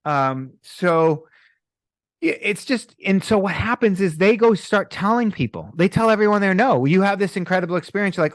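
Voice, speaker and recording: A man's voice: sits high, a little fast, no echo, clean studio sound. A middle-aged man, a breathwork coach in a podcast interview, telling stories and acting out the people in them. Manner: animated storytelling, acts out quoted people.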